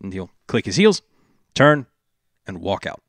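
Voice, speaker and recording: A man running a tabletop game as dungeon master, talking slowly with a lowish voice and lots of pauses. His words come close and dry on the mic. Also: very animated, no echo. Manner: slow and halting, many fillers.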